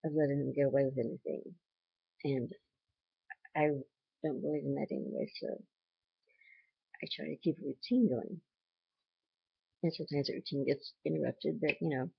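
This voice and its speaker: A woman's voice: sits low, gravelly, breathy edge, no echo, highs cut off. An older woman, a grandmother, talking in a casual vlog with an earnest, chatty manner. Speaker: vlogger and grandmother.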